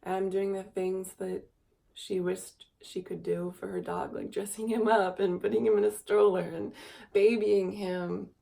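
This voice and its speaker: A woman's voice: little pitch movement, measured pace, gravelly, dark tone. A young woman in her twenties, tired, talking in a rambling, wistful confessional vlog to a camera mic. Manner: rambling and wistful, coos in a high baby voice. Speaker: vlogger.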